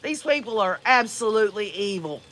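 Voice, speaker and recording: Blunt, bright-voiced woman host. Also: medium pitch, lively intonation, normal speed. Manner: blunt, profane and emphatic, talks straight to viewers. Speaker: livestream host reading viewer comments. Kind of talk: casual true-crime commentary.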